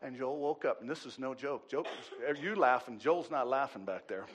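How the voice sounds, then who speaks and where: A middle-aged man preaching a sermon as pastor, swinging from loud, animated bursts to quiet asides. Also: medium pitch, normal speed, few pauses.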